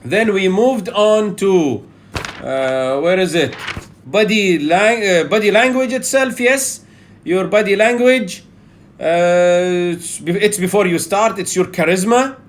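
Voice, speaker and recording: A man's voice: high voice, takes it slowly. A man teaching a live online public speaking session in a chatty way, often checking in with "yeah?".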